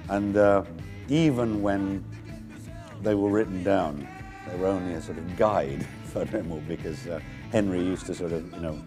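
A man, a record producer, recalling past events in a relaxed, rambling interview with many fillers. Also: low voice, moderate pace, over music. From England. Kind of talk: interview recollection.

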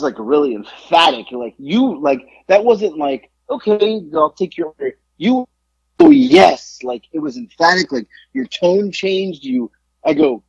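A man chats on a podcast, telling a long story and acting out the voices of people in it, swearing freely. His voice is husky and swings widely up and down. The recording is dull and lo-fi. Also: a little high. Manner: animated storyteller, acts out quotes, swears freely. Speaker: podcast co-host. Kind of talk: casual podcast chat.

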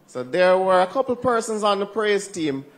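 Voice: mid-range voice, expressive, normal speed. Teasing service co-host. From Jamaica. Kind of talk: stage emceeing and introductions.

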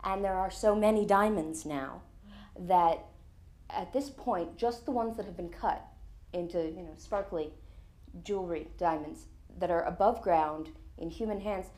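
Lively woman telling stories on stage. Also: lowish voice, measured pace. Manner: lively anecdotal storyteller, laughs often; explains science in plain everyday terms. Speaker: author and guest speaker. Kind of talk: on-stage conversation at a lecture.

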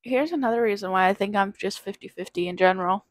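Quick and mid-range in pitch, this nineteen-year-old vlogger's voice comes through a rough recording without echo. Sick with covid, she rambles hesitantly through a quiz read aloud in a casual vlog, being self-deprecating.

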